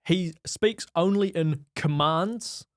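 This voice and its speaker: A man co-hosting a movie podcast in casual, wry chat full of quick jokes and asides. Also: fairly high pitch, no room sound, clean studio sound. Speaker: podcast co-host.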